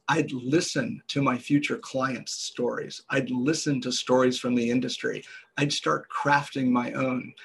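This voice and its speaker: A man, a business guest on a podcast, explaining ideas in a measured storytelling way. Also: mid-range voice, vocal fry, slight background noise. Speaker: guest entrepreneur.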